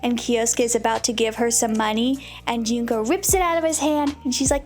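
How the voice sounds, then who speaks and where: A woman's voice: a little high, steady tone, moderate pace, a little mellow, faint music behind. A woman VTuber giving a bubbly, chatty recap of an anime, full of "you know" and giggles. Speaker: VTuber host.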